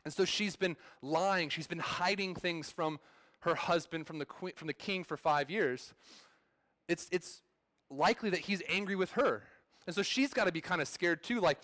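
A man's voice: a little high, fairly bright tone, no room sound. A man in his thirties preaching a sermon as pastor, in a conversational way that restarts and repeats words.

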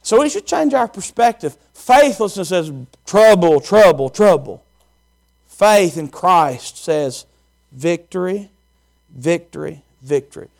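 A man's voice: sits high, lively intonation, slow, vocal fry, a little mellow. A man preaching a sermon, repeating key words emphatically and telling a personal story.

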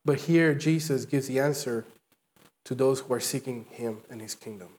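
A man's voice: mid-range voice, moderate pace, a little mellow. A man preaching a sermon as pastor, earnest and emphatic, driving his points home with repeated phrases.

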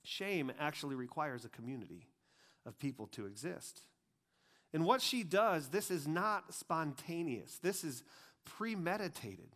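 A man preaching a conversational sermon, chatty and full of asides, dropping to a hushed, grave tone for serious points. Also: fairly high pitch, big pitch swings, unhurried. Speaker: pastor.

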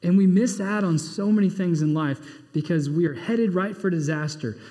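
A pastor preaching a sermon, swinging between loud, emphatic bursts and low, quiet asides. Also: male voice, moderate pace, big-room sound.

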